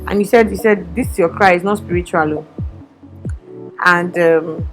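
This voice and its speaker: A young woman vlogging, telling her story in an animated, expressive way. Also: medium pitch. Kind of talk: casual chat. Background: faint background music.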